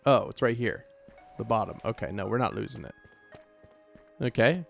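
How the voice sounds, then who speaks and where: A young man casually commenting on his own gameplay in a chatty, joking way, quick to get startled and to repeat himself. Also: lowish voice, lively intonation, gravelly, a bit bright, soft background music. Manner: chatty, jokey, easily startled, repeats phrases. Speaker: let's play gamer.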